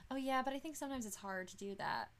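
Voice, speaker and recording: A woman's voice: high voice, fast, fairly bright tone. A young woman hosting a podcast, talking casually and hesitantly with frequent restarts. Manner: hesitant, self-questioning, with restarts. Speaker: podcast host.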